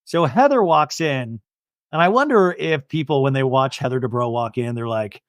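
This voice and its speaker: A podcast host breaks down a reality episode with a comedian's bite, cursing freely and jumping in and out of quick impressions. His pitch swings widely, and the recording sounds dry and close, with no room around it. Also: no room sound. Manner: animated, swears, acts out quotes.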